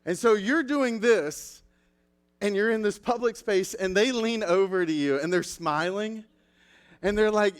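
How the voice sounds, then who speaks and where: Guy preaching a sermon, kinda high voice, animated storyteller. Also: measured pace, clear, resonant tone. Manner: animated storytelling with acted quotes. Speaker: pastor.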